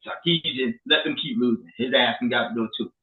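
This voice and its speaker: A man co-hosting a casual sports talk show, animated and profane. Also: mid-range voice, fairly quick. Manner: animated, profane, trash-talking. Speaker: co-host. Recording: echoey room, phone-like lo-fi.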